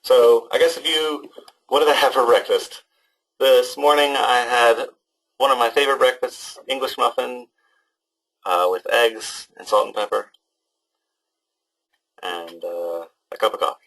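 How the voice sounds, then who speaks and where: A man's voice: mid-range voice, a little slow, pauses often, a bit bright, rough recording. A young man teaching an online class to students, talking casually and hesitantly with many ums and restarts. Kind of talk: casual webinar talk to students.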